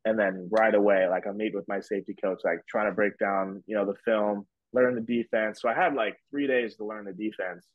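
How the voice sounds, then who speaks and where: This man in his twenties, a podcast guest, has a fairly low voice with a steady tone, talks fairly quickly and barely pauses. He tells his story casually, loose and rambling, leaning hard on fillers like "like" and "whatever." The audio is dull and lo-fi, dry with no echo.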